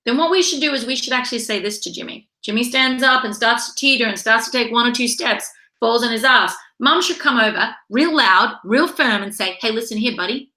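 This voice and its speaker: A woman in her thirties giving an emphatic, lively motivational talk as a mindset coach, often acting out quoted voices. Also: a little high, fairly quick, few pauses. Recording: echoey room.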